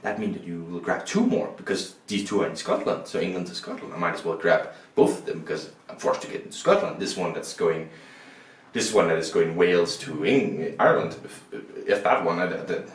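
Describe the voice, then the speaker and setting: A man's voice: sits low, brisk, reverberant, a little hiss or hum. A man from Denmark reviewing a board game, talking casually and rambling, often repeating and correcting himself. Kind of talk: casual review with rules walkthrough.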